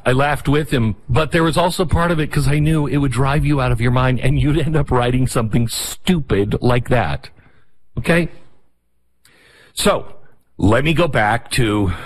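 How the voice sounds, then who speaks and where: Animated middle-aged male talk host. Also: medium pitch. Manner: animated, rapid, sarcastic. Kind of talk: opinion commentary monologue.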